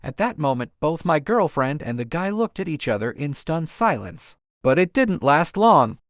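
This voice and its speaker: A man's voice: a little high, big pitch swings, normal speed, no echo, clean studio sound. A man narrating a dramatic first-person story in a vivid, dramatic telling.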